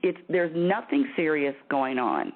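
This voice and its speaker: A woman hosting a spiritual advice show over a call-in line, talking in a lively, laughing way and repeating her words. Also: deep voice, a little slow, gravelly. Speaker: spiritual talk show host. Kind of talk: phone-in radio advice chat. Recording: tinny phone line.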